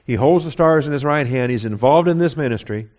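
A man's voice: mid-range voice, brisk, a little mellow. A man pastor teaching through a Bible passage in a conversational sermon style, asking rhetorical questions and checking in with "okay?". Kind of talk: expository sermon. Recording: slightly muffled, dull recording.

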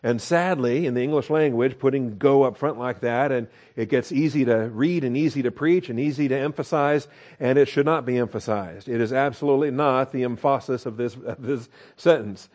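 A man's voice: mid-range voice, moderate pace, darkish tone. A man preaching an expository sermon, explaining grammar step by step, repeating key points and often checking in with the congregation. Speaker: pastor teaching scripture.

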